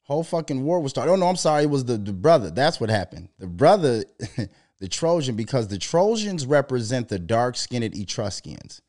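Brief: male podcast co-host, mid-pitched, profane and animated storyteller. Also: normal speed. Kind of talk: casual monologue.

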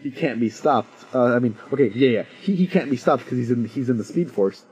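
A young man in casual chat, retelling a story with excitement and acting out the characters. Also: mid-range voice, a little fast, breathy edge. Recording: dull lo-fi recording.

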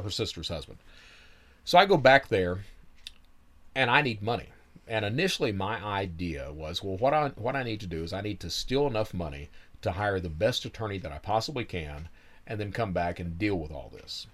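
Brief: man, low voice, animated storyteller, wry, swears, swinging pitch. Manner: animated, wry, laughs while telling, swears freely. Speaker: guest telling his own story. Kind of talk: casual spoken storytelling.

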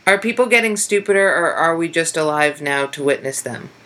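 A woman's voice: low-pitched, expressive, a little fast, fairly bright tone. A young woman comedian co-hosting a podcast, chatting casually in a rambling way, swearing freely and acting out quotes. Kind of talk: casual chat.

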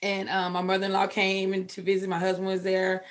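A woman's voice: mid-range voice, monotone, a little fast. Candid Texan woman telling her story. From Texas. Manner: candid, emotional storytelling with sudden loud outbursts. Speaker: guest. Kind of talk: personal recovery story.

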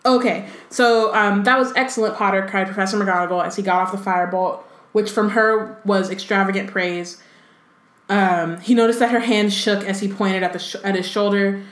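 A woman's voice: mid-range voice, fairly even intonation, normal speed. Casual female podcast co-host, filler-heavy chat mixed with read-aloud, roomy sound. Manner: chatty, many fillers, breaks into reading.

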